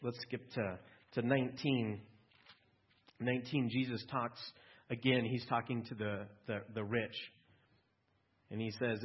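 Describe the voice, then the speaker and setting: A male pastor preaching a sermon in a husky, mid-pitched voice. He talks conversationally and keeps asking the congregation questions. The sound is dull and lo-fi. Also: steady tone, a little slow, pauses often. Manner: conversational, asks listeners questions, small restarts. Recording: dull lo-fi recording.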